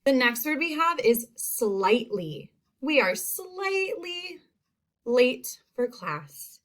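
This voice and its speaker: Slow, deliberate woman teaching spelling. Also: a little high, sing-song. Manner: slow, drawn-out repetition of words. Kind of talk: spelling lesson for children. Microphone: home recording.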